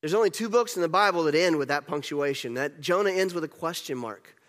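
Pastor with a fairly high voice, in a reverberant church. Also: male voice, a little fast, a bit bright. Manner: conversational, repeats himself while building rhetorical questions. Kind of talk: sermon.

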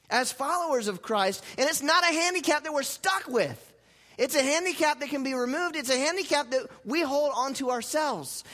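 A male pastor with a notably high-pitched voice, delivering a sermon. He swings from loud, emphatic lines to quiet, intense ones, and pulls the congregation into call-and-response.

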